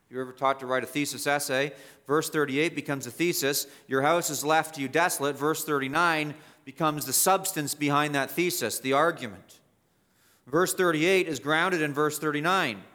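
A man's voice: fairly high pitch, moderate pace, bright, forceful tone. A male pastor preaching an expository sermon, emphatic and repetitive, rising sharply to stress key points.

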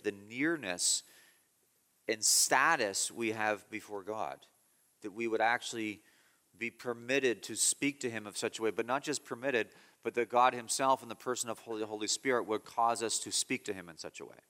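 A male pastor preaching a sermon, explaining calmly and then pressing points with loud emphasis. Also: normal speed, in a large hall. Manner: teaching tone, swings from low explaining to loud emphatic scolding.

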